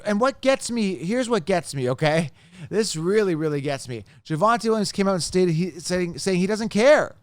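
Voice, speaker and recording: A man's voice: high-pitched, no room sound. A man hosting a fantasy football podcast, venting in an emphatic, heated solo rant and often tagging his points with "right?".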